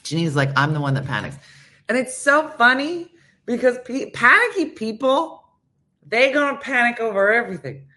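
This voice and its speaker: Woman, radio host, casual storytelling, lively swings in pitch, bright tone. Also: moderate pace. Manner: animated, acts out quotes in voices; addresses listeners by name.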